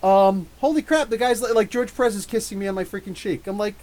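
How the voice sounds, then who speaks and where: A man hosting a live podcast, telling an excited story with quoted dialogue in a casual, animated way. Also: high voice, fast, rough recording. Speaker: podcast host.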